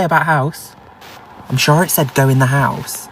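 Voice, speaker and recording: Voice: mid-range voice, steady tone, measured pace, slight background noise, poor audio. A TikTok creator in a parked car, frightened and panicking, swearing often and dropping to shocked whispers, talking into a phone. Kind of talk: frightened vlog to camera.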